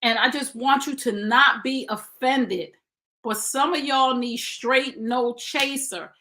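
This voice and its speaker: A woman's voice: high-pitched, takes it slowly, bright, forceful tone. A woman in her fifties giving blunt, preachy relationship advice in a casual live stream, speaking straight to her viewers. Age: 50s.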